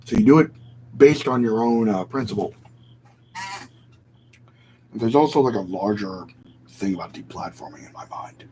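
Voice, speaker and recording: Male YouTuber, low-pitched, loose off-the-cuff commentary, light hiss behind. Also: expressive, normal speed, pauses often, warm tone, rough recording. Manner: rambling, thinks aloud with fillers and self-corrections. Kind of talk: casual commentary vlog.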